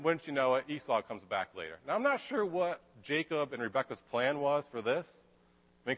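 A man's voice: mid-range voice, fairly bright tone. A man preaching a sermon, retelling a story in a casual, chatty way with frequent asides. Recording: reverberant hall.

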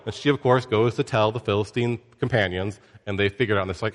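A man giving a casual Bible lesson, conversational and joking, with lively asides to his listeners. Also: fairly low pitch, quick pace, long reverb tail. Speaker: Bible teacher.

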